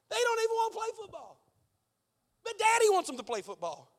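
High-voiced shouting male preacher. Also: wildly swooping pitch, a little fast, long pauses, big-room sound. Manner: shouting, swinging between loud preaching and hushed pleading. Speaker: pastor. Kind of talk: fiery Pentecostal-style sermon.

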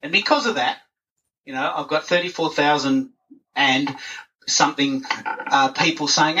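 A man chatting as an interview guest and telling animated stories. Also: medium pitch, normal speed. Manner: animated storyteller who acts out voices. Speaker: podcast guest. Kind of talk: casual interview chat. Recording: dull, distant recording.

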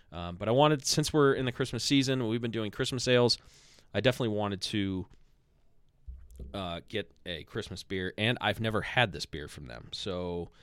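A man hosting a podcast in relaxed, rambling chat. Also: low voice, clear, resonant tone, dry recording. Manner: relaxed, rambling, with fillers and self-corrections. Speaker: podcast host.

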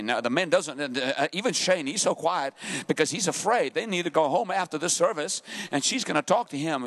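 A man preaching a sermon with passion, often shouting, racing through some phrases and drawing others out slowly. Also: fairly high pitch, animated. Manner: impassioned, frequently shouting; swings between rapid bursts and slow drawn-out phrases.

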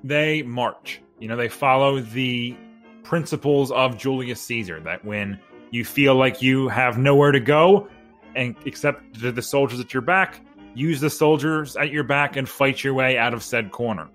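A man co-hosting a casual history podcast, relaxed and mid-pitched. He rambles through the story with jokes and asides. A little music sits faintly behind him. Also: a little slow. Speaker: podcast co-host.

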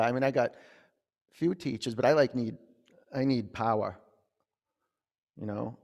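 A man's voice: mid-range voice, unhurried, vocal fry, long pauses, darkish tone, long reverb tail, lo-fi sound. A young man, a yoga teacher chatting and rambling as he leads a class. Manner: chatty, rambling, with many "you know"s. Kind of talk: talking while leading a yoga class. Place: yoga studio.

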